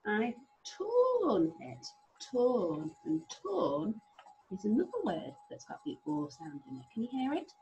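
A middle-aged woman leads a phonics lesson for small children, her voice swooping up and down as she sounds out each letter. There is a gravelly edge to her tone, and faint noise sits under the recording. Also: mid-range voice, very animated, dark tone, low-quality recording. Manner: slow, sing-song and encouraging, sounding out letters. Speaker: primary school teacher.

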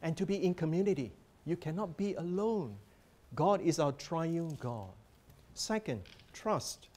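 A man's voice: on the high side, lively intonation, measured pace, a little mellow. A man presenting a teaching workshop as a professor, earnest and emphatic as he guides listeners through slides.

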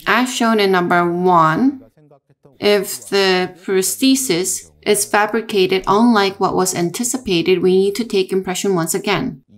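A woman narrating a technical dental lesson in a measured, explanatory way, with small restarts. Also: medium pitch. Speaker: dental lecturer.

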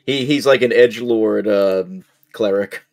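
A man acts as game master for a tabletop game. His voice comes out somewhat soft and scratchy. He speaks in a relaxed, unhurried way, often pausing to gather his thoughts. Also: lowish voice. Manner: laid-back, hesitant with many ums.

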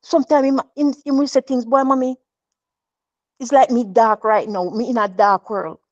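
A woman's voice: a little high, steady tone, moderate pace, dry recording. Earnest mother giving testimony. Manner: earnest, repetitive, emotional, with many restarts. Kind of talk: devotional testimony. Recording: dull, dry lo-fi sound.

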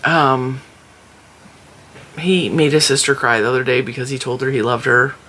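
A woman's voice: rumbling low, fairly even intonation, normal speed, a bit bright, slightly rough. A woman vlogger chatting casually to the camera at home, telling family stories with lots of laughter, tired and yawning. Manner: chatty storyteller, laughs often. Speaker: crochet vlogger.

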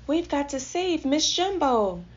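A woman voicing a small, excitable male circus mouse in a storybook read-aloud, with an eager, loud manner. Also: on the high side, unhurried, pitched above the performer's own voice. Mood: urgent. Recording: slightly dull lo-fi audio.

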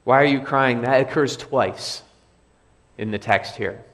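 A male pastor preaching in a church with a mid-pitched voice. He keeps a plain, conversational tone and returns to key phrases again and again to drive them home. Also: measured pace, fairly bright tone. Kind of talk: sermon. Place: church sanctuary.

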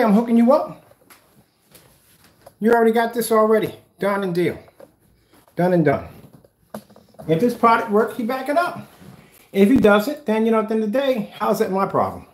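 A man hosting a casual livestream, brash and teasing, trash-talking his viewers and mock soothing them. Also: high voice. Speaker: DIY projector screen paint video host. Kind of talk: casual livestream chat replying to viewer comments.

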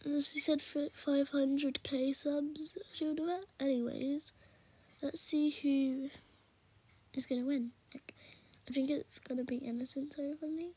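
British female gaming vlogger, chatty, low half-whisper, slightly high voice. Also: fairly even intonation, a little slow. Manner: often speaks in a hushed half-whisper; rambling and chatty, talking to viewers. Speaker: gaming YouTuber. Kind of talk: casual gameplay commentary.

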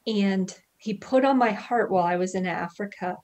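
A woman guest speaking earnestly and heartfelt about her faith, with soft laughs between thoughts, over a video call. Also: mid-range voice, normal speed. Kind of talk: personal faith testimony.

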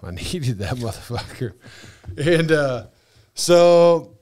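As a podcast guest, a man tells a travel story in casual chat, speaking slowly in a voice on the high side. He's animated and profane, swearing often and acting out dialogue from the people he met.

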